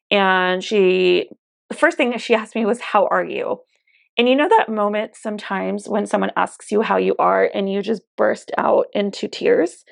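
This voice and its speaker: A woman's voice: medium pitch, vocal fry, dry recording, clean studio sound. A young woman vlogger chatting casually and confidingly while doing her makeup, full of "like" and "you know". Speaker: beauty vlogger. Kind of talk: casual get-ready-with-me chat.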